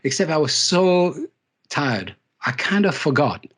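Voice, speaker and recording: A man's voice: fairly high pitch, sing-song, unhurried, fairly bright tone, breathy edge. A man giving a live leadership talk to an audience, telling stories with self-deprecating humour and repeating key words for emphasis. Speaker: keynote speaker.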